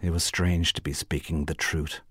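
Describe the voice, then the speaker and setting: A man reading a literary short story aloud in a measured, unhurried way. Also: very deep voice, flat delivery, fairly bright tone, husky, no room sound, clean studio sound. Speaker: guest reader.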